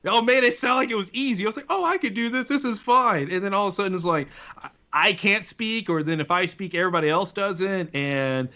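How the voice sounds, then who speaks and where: Male co-host, bright voice, chatty and self-mocking. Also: sits high, fast talker. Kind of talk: livestream chat.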